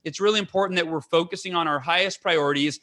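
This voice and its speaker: A man with a bright, fairly high voice who talks as a podcast guest. He is earnest and eager, piles up fillers and restarts, and speeds through his points. The talk is casual and unscripted. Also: fast.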